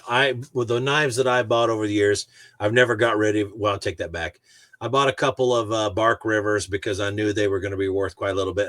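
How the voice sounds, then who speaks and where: A man with a fairly low voice, recorded dry and close, hosting a casual podcast. He tells chatty, teasing stories at an easy pace. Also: fairly bright tone, dry recording. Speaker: podcast host. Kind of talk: casual podcast chat, storytelling.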